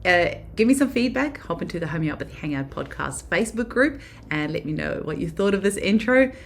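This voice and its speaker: A woman with a fairly low voice opens her podcast by reading a scripted introduction. She keeps a measured pace and lets her phrases fall away softly at the end before breaking into relaxed chat. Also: a little hiss or hum. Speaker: podcast host. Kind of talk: reading a scripted episode intro, then chatting.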